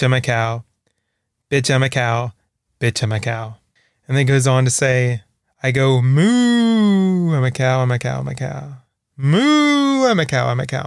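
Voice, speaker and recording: Rambling man with a gravelly edge. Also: dry recording, clean studio sound. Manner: rambling, self-deprecating, laughs at himself; sings snatches of songs in a put-on high voice. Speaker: podcast host. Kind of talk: casual solo monologue.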